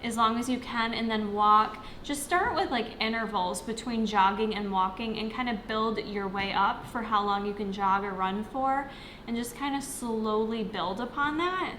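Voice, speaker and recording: Speaking at a normal speed in a bright, forceful, somewhat high voice, a young woman fitness coach answers viewer questions on a home livestream while eating. She uses lots of fillers, and the echoey room near the kitchen carries slight background noise.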